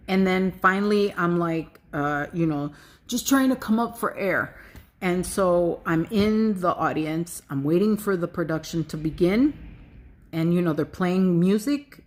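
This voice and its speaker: Animated woman telling a story, lowish voice. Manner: animated, swears freely, many fillers. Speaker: spiritual vlogger. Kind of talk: casual personal storytelling.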